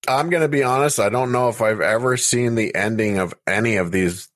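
A man's voice: medium pitch, a little fast, a bit bright, dry recording, clean studio sound. A man co-hosting a podcast, frank and joking in casual chat. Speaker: podcast co-host.

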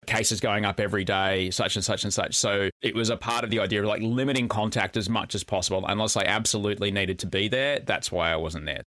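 A man co-hosting a podcast, recapping in a quick, jokey, casual chat. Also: lowish voice, fairly bright tone, dry recording, studio quality. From Australia. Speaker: podcast co-host.

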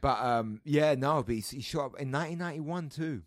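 A man's voice: fairly high pitch, fairly quick, dry recording, clean studio sound. A man hosting a comedy podcast, slangy and sweary, acting out people in his stories. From London. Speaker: podcast host. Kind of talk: casual comedic chat.

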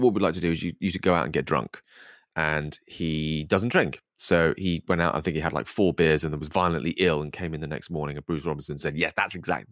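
A man from England chats in a very low voice with a dry, playful wit. He is recorded close and dry, with no room sound. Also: no echo. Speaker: actor, podcast co-host. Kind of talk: casual chat.

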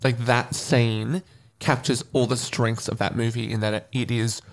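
Excited man reviewing films. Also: mid-range voice. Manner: enthusiastic, fast, repeats words when excited. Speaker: podcast co-host. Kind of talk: casual film review chat.

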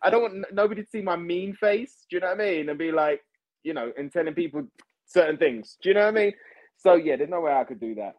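A man chatting as a podcast guest, animated and repeating himself, calling people mate and bro. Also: high voice, fast talker, dull audio. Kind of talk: casual chat.

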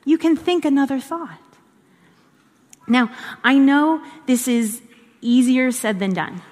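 A woman's voice: high-pitched, slow, darkish tone. A woman giving a conversational devotional teaching in an earnest way, repeating phrases for emphasis. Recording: long hall reverb.

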